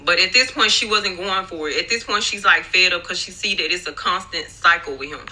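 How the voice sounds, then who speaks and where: A young woman with a lowish voice talks a little fast, her tone pushed and bright, in a low-quality recording. On a break at work, she tells her phone a rambling, profane storytime, repeatedly calling out to viewers as "y'all."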